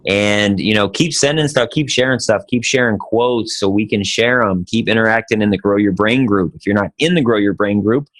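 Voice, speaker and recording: A man hosting a podcast with his buddy, his voice sitting low. He talks casually and tells a joke in a loose, laid-back way. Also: normal speed, hardly any pauses, a bit bright. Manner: joking, laid-back storyteller. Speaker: podcast co-host.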